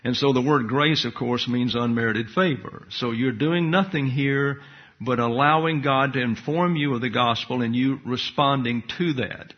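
A man with a slightly husky voice teaches scripture point by point, methodical and deliberate as he parses each word. The recording sounds dull and muffled, like an older lo-fi tape. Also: mid-range voice. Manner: methodical, enumerating points and parsing Greek words. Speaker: bible teacher. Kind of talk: expository Bible teaching.

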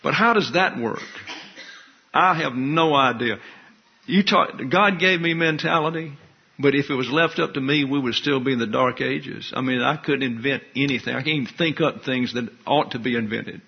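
An older man delivers a sermon in a husky, slightly breathy voice. He talks in a folksy way and teases people in the pews. The recording sounds a little dull and muffled. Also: medium pitch, normal speed. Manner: folksy, teasing asides to the congregation. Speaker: pastor.

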